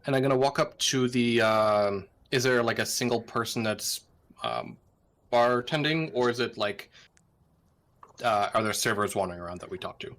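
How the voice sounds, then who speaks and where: A man taking part in a tabletop role-playing game, talking casually and hesitantly. He asks questions and narrates his character's moves in an everyday mid-pitched voice. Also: moderate pace, a bit bright. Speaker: player.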